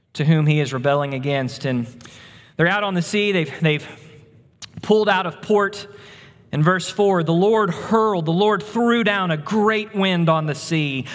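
A man's voice: fairly high pitch, a bit bright, long reverb tail. A man preaching a sermon, explaining a scripture passage and painting the scene vividly for his listeners. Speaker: pastor.

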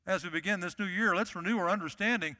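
Male pastor, sermon delivery, emphatic repetition, high bright tone, reverberant church hall. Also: fast talker. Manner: emphatic, repeats key phrases.

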